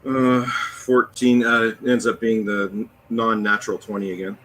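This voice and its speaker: Low, bright-voiced man playing a tabletop game. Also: little pitch movement, unhurried, low-quality recording. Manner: matter-of-fact, hesitant while reading rolls. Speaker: player. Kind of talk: casual tabletop game play.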